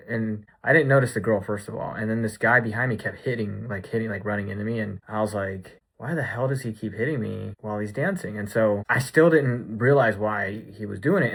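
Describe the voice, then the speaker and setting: A man's voice: on the low side, gravelly, fairly bright tone, husky. A man chatting casually in a recap vlog, rambling with lots of "like" and "you know". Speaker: vlogger.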